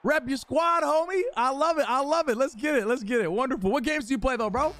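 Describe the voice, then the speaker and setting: A young man livestreaming a football video game, casually chatting with viewers, shouting them out and teasing them. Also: very high-pitched, quick pace. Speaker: live streamer playing a football video game. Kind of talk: casual livestream chat, reading chat aloud. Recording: home stream with game crowd noise. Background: game stadium crowd and commentary.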